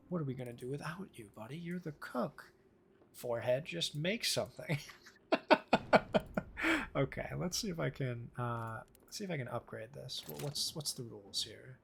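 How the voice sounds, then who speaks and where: Man, gravelly voice, rambling self-mocking game stream chatter, music playing behind. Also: mid-range voice, fairly quick. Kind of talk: casual live gameplay commentary.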